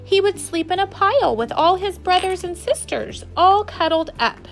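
A woman's voice: fairly high pitch, big pitch swings, measured pace, fairly bright tone, faint music behind. A woman voicing a stubborn young boy who pleads and bargains, reading a storybook aloud. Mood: pleading.

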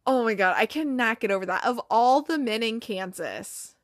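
A woman giving a casual, animated recap of a TV episode, swearing freely and acting out the characters' lines. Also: a little high, normal speed, dry recording, studio quality.

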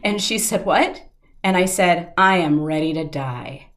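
A middle-aged woman telling a personal story in an interview, earnest and heartfelt, slowing down at the emotional moments. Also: lowish voice, fairly bright tone.

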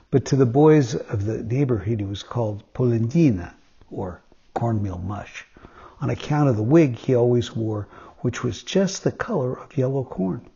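A man's voice: medium pitch, gravelly, slightly rough. A man reading a classic children's story aloud as a weekly installment, telling it expressively. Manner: expressive storytelling with voiced quotes. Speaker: storybook reader. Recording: dull lo-fi sound.

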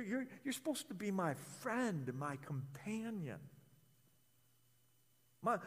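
A man's voice: high voice, fairly bright tone, long reverb tail. A man preaching a sermon in an impassioned, conversational way, often repeating words as he speaks. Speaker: pastor.

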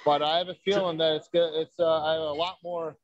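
A man's voice: fairly high pitch, level tone, brisk, muffled recording. A man, a wrestler telling brash, profane stories in a casual podcast chat. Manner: brash, profane, boastful storytelling. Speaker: wrestler guest.

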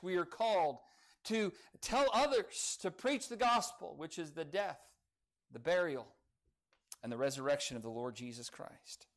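A male pastor preaching a sermon, telling a story earnestly with dramatic pauses. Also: fairly high pitch.

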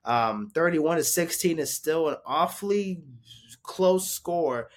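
A man talks through the week's games in a loose, rambling recap, swearing freely and jumping between topics. His pitch swings widely, climbing high when he gets excited and sinking low when he grumbles. It sounds like an amateur fan show. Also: slow. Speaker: sports podcast host. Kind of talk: casual sports recap and live reactions.

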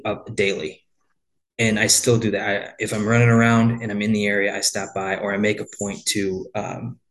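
A man who owns a landscaping business, telling stories in a casual interview, with lots of restarts and quoted back-and-forth. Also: fairly low pitch. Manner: rambling, frequent restarts, storytelling with quoted dialogue.

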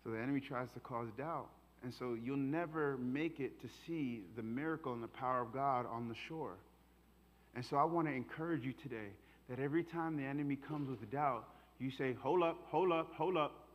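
A man's voice: medium pitch, fairly quick, highs cut off. A male pastor preaching a sermon in a passionate, casual, colloquial way, in a hall with a long echo.

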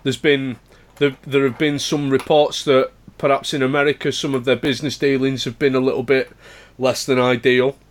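A man on a casual podcast, explaining things in a measured way with some restarts. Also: medium pitch, flat delivery.

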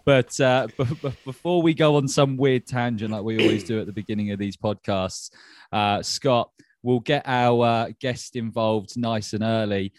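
A man's voice: mid-range voice, fairly even intonation, normal speed, dry recording. Male podcast host, dry close sound, jokey and rambling. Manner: chatty, jokey, rambling with restarts. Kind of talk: casual podcast chat.

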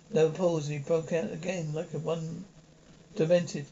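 A man narrates a novel in the first person, stumbling and restarting words as he reads. His voice sits somewhat high. The recording is dull and lo-fi, with a faint hiss. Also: little pitch movement, mellow. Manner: halting reading with frequent slips and restarts. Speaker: audiobook narrator.

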